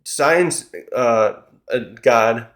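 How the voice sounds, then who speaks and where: A man's voice: medium pitch, drawn-out words, fairly bright tone. A man giving a casual recap commentary of a comic chapter, rambling and often correcting himself. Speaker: manga chapter reviewer.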